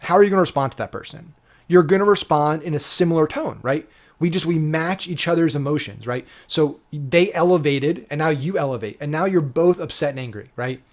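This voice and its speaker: A man coaching digital marketing speaks a little fast with a slightly high voice, giving a relaxed yet emphatic lesson where he often asks "right?" and drops casual swear words.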